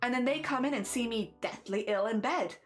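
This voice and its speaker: A woman's voice: on the high side, soft background music. A young woman streaming a charity fundraiser, talking earnestly and a little tearfully, often restarting her sentences. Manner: earnest, emotional, halting with restarts. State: teary. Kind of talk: casual charity livestream chat.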